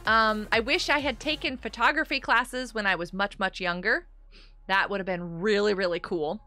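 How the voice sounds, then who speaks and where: This livestream host, a middle-aged woman, speaks at a normal pace in a mid-range, bright, forceful voice. She is bubbly and giggly while reading her viewers' chat during a casual gaming stream from home, and faint music runs in the background.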